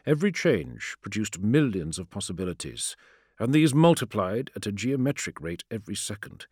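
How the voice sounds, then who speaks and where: A man with a low voice narrates a fantasy audiobook, steady and darkly dramatic. His pitch moves in wide, lively contours to carry the action. The recording is close and dry with no room sound. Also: moderate pace, husky, no room sound.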